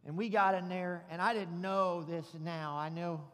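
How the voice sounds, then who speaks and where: A male pastor with a strikingly high, bright voice delivers an emphatic sermon with folksy humor. His words carry a long reverb through a church hall. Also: fairly even intonation, normal speed. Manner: preachy and emphatic, folksy humor, rising to shouts. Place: church sanctuary.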